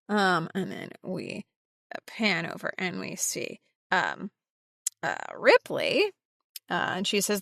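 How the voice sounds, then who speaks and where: A woman's voice: mid-range voice, unhurried, a bit bright, no echo, clean studio sound. A woman guest voice actress on a podcast, recapping a comic chapter in casual chat and reading out character lines. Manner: reads out character lines with small acted voices.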